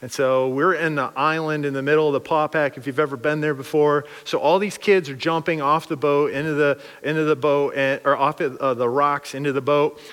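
A man preaching in a loose, storytelling way, his voice sitting a touch high for a man. He acts out every quote with big leaps in pitch and volume, and a long reverb trails each phrase as if he fills a big hall. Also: fairly even intonation, fairly quick, few pauses, fairly bright tone, clean tone. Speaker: pastor. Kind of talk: storytelling sermon.

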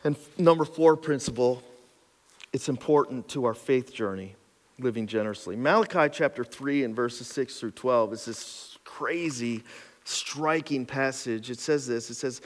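Animated male pastor preaching in a reverberant hall. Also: medium pitch, a little slow. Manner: animated preaching, climbing to near shouts on key points. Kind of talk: sermon.

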